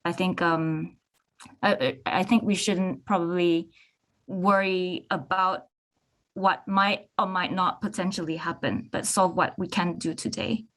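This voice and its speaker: A woman's voice: on the low side, steady tone, measured pace. Hesitant young woman panelist. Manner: hesitant, many restarts and fillers. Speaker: artist on a panel. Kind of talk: live panel discussion answer.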